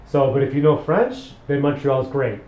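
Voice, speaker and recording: A man's voice: mid-range voice, animated, moderate pace, mellow. A man working as a barber, chatting casually and rambling through stories while cutting hair. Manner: chatty storyteller, rambling and repeating phrases. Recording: echoey room.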